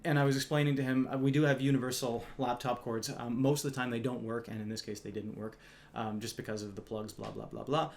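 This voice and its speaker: A man's voice: medium pitch, level tone, quick pace, creaky, darkish tone, a little hiss or hum. A man casually telling a story from his retail job, wry and conversational, a little smug, swearing now and then.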